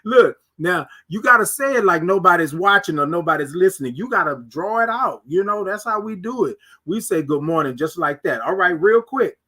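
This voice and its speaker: A man's voice: high voice, expressive, moderate pace, hardly any pauses, bright, forceful tone. A middle-aged man hosting a casual morning livestream, reading viewer comments aloud and drawing out his greetings with preacher-like repetition. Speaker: livestream morning show host. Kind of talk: casual live-stream chat reading comments.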